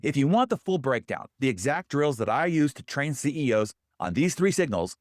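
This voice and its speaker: An older man coaching business people in a motivational talk, his voice swooping from high to low as he lands short, punchy phrases between dramatic pauses. The sound is dry and close, with almost no room around it. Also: very animated, no room sound. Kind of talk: scripted motivational talk to camera.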